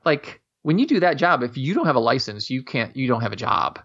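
A man's voice: very animated, a little fast, a bit bright. Rambling man telling stories, dull audio. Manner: rambling, many restarts, swears casually, acts out quotes in a higher voice. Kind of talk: casual storytelling chat.

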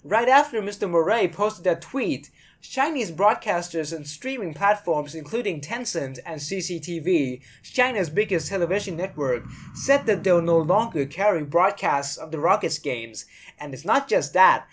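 A woman's voice: on the low side, animated, normal speed. A woman hosting a podcast, giving blunt, sarcastic commentary and swearing freely. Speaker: podcast host.

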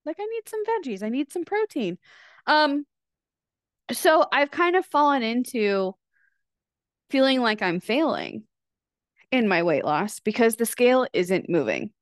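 In her own podcast, a woman in her thirties talks candidly and swears freely in a chatty, confessional monologue. Her fairly high voice swings widely in pitch, her pace is a little slow with long pauses, and the studio sound is clean with no echo.

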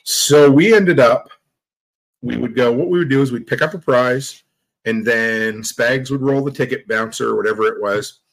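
A man hosting a live stream in casual chat, telling stories with jokes and lively asides. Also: medium pitch, moderate pace, poor audio. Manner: animated storytelling, joking.

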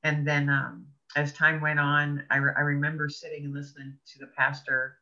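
Woman guest, earnest expressive storyteller, very bright piercing voice, dull lo-fi recording. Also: low-pitched, moderate pace. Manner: earnest, expressive storyteller who laughs between thoughts. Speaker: podcast guest, author. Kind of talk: personal storytelling in an interview. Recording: dull lo-fi audio.

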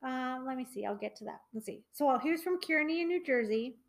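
A young woman co-hosting a casual podcast chats away in a high, expressive voice at a quick pace, though the audio quality is poor. She circles her points with lots of "um" and "like," and her sentences trail off and restart as she goes.

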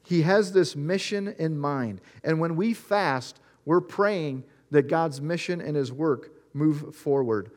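A man's voice: fairly high pitch, slow, hardly any pauses. A man preaching a sermon, retelling Bible stories and speaking earnestly to the listeners. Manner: storytelling, acting out Bible scenes in quoted voices; earnest, addresses listeners directly. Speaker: pastor.

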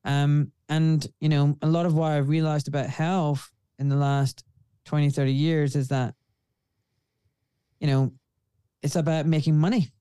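A man's voice: a little high, little pitch movement, measured pace, long pauses, mellow, clear, resonant tone, no echo. A man in his forties with a refined Scottish accent, a guest speaking earnestly and outspokenly in a casual interview. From Scotland. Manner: earnest, outspoken, frequent "you know". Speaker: guest, surgeon.

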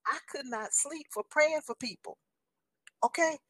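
A woman in her sixties sharing a faith testimony in a casual, animated and emphatic way, often calling the listener honey. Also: sits high, a little slow, dry recording. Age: 60s.

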